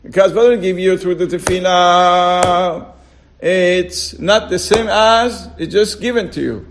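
A man's voice: high voice, steady tone, slow pace, a little hiss or hum. A man teaching a casual religious class, repeating words and firing rhetorical questions at his listeners. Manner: checks on listeners with short asides. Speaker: Torah teacher.

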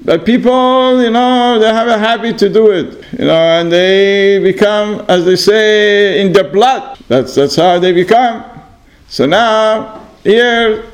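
A man teaching an informal religious class to a small group, talking in loose, repetitive phrases full of "you know" and sometimes dropping to a soft, low voice for asides. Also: takes it slowly, low-quality recording. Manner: repetitive, many "you know" fillers, acts out exchanges.

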